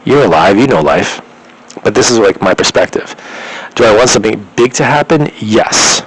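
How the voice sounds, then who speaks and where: A man's voice: on the low side, lively intonation, moderate pace, slightly rough, low-quality recording. A young man vlogging, telling a rambling personal story with many restarts and filler words.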